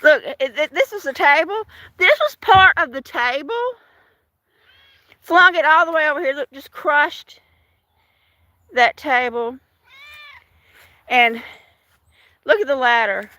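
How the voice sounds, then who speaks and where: A woman chats on a live stream while walking outside, greeting viewers by name and laughing often. Her voice sits high and swoops all over. The sound is dry and close. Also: expressive, takes it slowly, pauses often, pushed and bright, dry recording. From Washington state. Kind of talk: casual live-stream chat. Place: outdoors in a storm-damaged yard.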